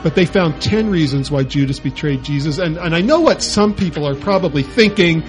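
A man's voice: on the high side, animated, a little fast, hardly any pauses, soft background music. A man hosting a radio talk show, joking through a comedy list with a playful, laughing manner.

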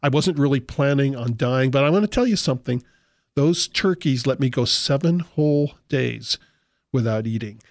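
A male pastor delivering a sermon with animated, humorous storytelling and impressions. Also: medium pitch, moderate pace, no echo, studio quality.

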